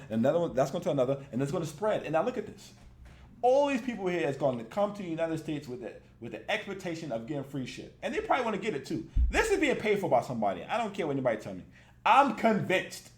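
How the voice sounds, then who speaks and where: A man's voice: on the high side, roomy sound. A man hosting a reaction video, ranting in blunt, profane, casual commentary and laughing often.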